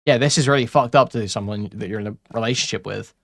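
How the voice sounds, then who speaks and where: A man's voice: on the low side, fast, creaky, a bit bright, no room sound, clean studio sound. A man doing casual commentary, reading messages aloud and reacting with bemused, profane asides. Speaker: commentary youtuber.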